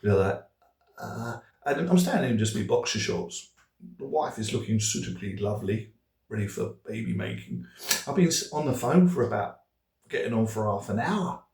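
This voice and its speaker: A man's voice: on the low side, animated, moderate pace, a little mellow. Middle-aged man, self-deprecating comic storyteller, hesitant and rambling, mic set far back. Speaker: speaker. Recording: distant, echoey room.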